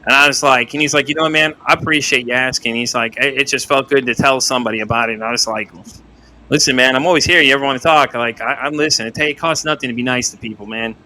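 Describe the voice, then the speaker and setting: A man hosting a casual podcast chat, talking quickly with a bright, forward voice. He is earnest and curses freely as he recounts what people told him. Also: mid-range voice, fairly even intonation, poor audio. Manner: earnest, swears freely, retells conversations. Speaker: podcast host.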